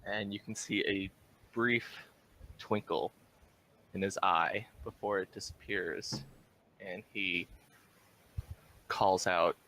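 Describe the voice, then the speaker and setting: A man narrating a tabletop game as game master, in an unhurried, descriptive way. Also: low-pitched, steady tone, bright, forceful tone, slight background noise, low-quality recording.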